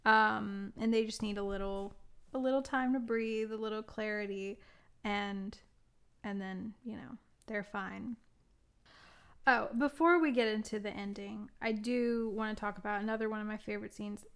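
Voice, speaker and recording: A woman's voice: medium pitch, steady tone, moderate pace, clear, resonant tone. A woman co-hosting a casual film review chat, gushing as she retells favorite scenes. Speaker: podcast co-host.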